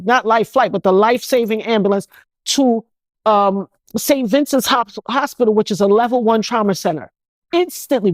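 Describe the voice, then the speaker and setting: A woman's voice: a little high, dry recording, clean studio sound. A woman, telling her personal story as an interview guest, speaking emphatically with many restarts.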